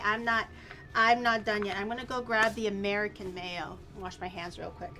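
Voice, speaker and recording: A woman's voice: mid-range voice, little pitch movement, moderate pace, bright, forceful tone, soft background music. A woman streamer chatting casually while cooking on a livestream, thanking viewers and switching between two languages.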